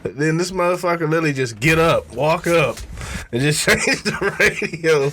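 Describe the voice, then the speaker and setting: A man's voice: fairly high pitch, expressive, normal speed, bright, forceful tone, a little hiss or hum. A man co-hosting a casual podcast, telling work stories with a lot of swearing and laughter. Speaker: podcast co-host. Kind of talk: casual storytelling chat.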